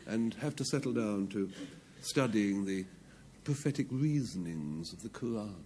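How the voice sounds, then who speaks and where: A man playing a panel game, drawing out his words slowly and chuckling through hesitant bluffs. His fairly low voice rises and falls a great deal, with faint hiss behind. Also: animated, darkish tone. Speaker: team captain. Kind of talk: playful panel game banter.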